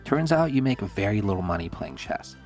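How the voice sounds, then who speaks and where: Give me a low, lively male narrator walking through a commentary script, with faint music playing underneath. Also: a little fast. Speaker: host and narrator.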